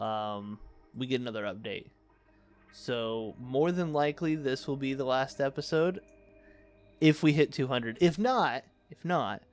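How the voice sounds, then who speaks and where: A young man giving casual, wry running commentary on a city-building game he is playing, with dry sarcastic asides. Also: medium pitch. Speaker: let's play host.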